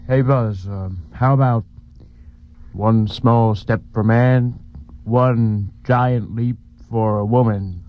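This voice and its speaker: A man playing a halting, bumbling astronaut in a radio comedy, in a dull lo-fi recording. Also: fairly low pitch, steady tone. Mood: hesitant. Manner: halting, full of ums. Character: hesitant, bumbling male astronaut.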